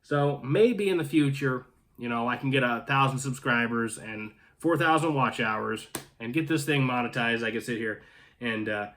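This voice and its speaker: A man's voice: medium pitch, moderate pace, fairly bright tone, slight background noise. A man from North Carolina hosting his channel, chatting casually with viewers and reading their comments, rambling with joking asides and frequent restarts. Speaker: channel host. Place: home in Canada.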